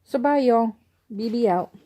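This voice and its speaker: A woman with an Illinois accent, filming a casual accent-tag vlog to camera. Her voice is mellow and soft-edged. She rambles in a chatty way and drops in giggly asides. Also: fairly high pitch, unhurried. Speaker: vlogger.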